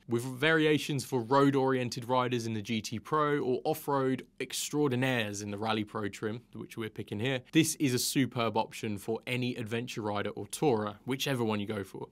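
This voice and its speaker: A man giving an upbeat, scripted motorcycle review, reeling off specs at a brisk clip. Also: mid-range voice.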